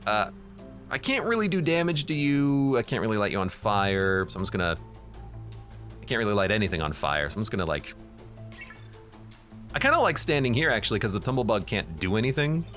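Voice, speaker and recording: A man's voice: mid-range voice, big pitch swings, brisk, fairly bright tone, soft background music. A man streaming a strategy game, thinking aloud as he plans each move and often correcting himself. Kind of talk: live game commentary.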